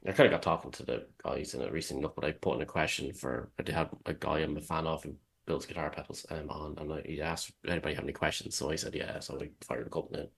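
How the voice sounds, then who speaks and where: A man's voice: rumbling low, fairly even intonation, quick pace, gravelly, few pauses, a bit bright, husky. A man with an Irish accent co-hosting a podcast in easygoing, rambling casual chat. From Ireland. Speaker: podcast co-host.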